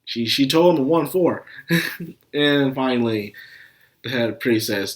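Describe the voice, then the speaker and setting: A young man casually reviewing an anime episode, animated and cursing, sick with a cough. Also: medium pitch, takes it slowly, long pauses. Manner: animated, swears and laughs, acts out scenes.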